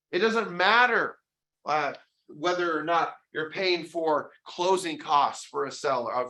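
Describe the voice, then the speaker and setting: A real estate sales trainer gives an energetic, motivational training talk, hammering his points home with emphasis. His slightly high voice has a bright, sharp edge, and he frequently acts out quick quoted back-and-forths between an agent and a client.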